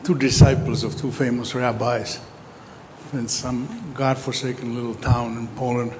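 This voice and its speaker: Against a noisy background, a mid-range male voice with little pitch movement talks at a moderate pace. He's a panelist in a lecture hall, halting and full of ums, who cracks a joke and gets louder when the microphone cuts out.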